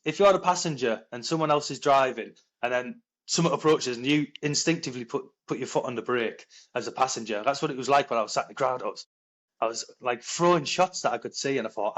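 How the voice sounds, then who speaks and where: Fast-talking man telling a war-buddy story. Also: mid-range voice. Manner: animated, quick storytelling with acted-out quotes. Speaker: podcast guest, former paratrooper. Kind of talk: conversational storytelling.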